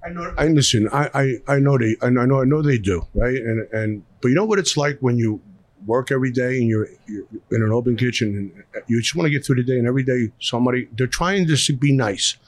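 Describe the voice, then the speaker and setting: A man's voice: mid-range voice, quick pace, dry recording. A middle-aged man with a Philadelphia accent, a restaurateur speaking bluntly and emotionally as a guest in a podcast interview, often repeating himself. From South Philadelphia.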